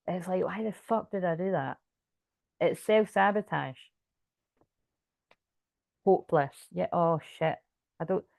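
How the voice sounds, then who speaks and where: A woman's voice: medium pitch, creaky, a little mellow, no room sound. A woman giving a casual tarot card reading, chatty and rambling, with restarts and swearing. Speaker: tarot reader.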